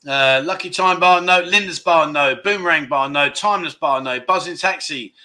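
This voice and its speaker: A man hosting a livestream, reading viewer comments aloud and reacting with loud, jokey exclamations. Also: fairly high pitch, normal speed. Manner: excitable, jokey, exclaiming loudly. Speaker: livestream host.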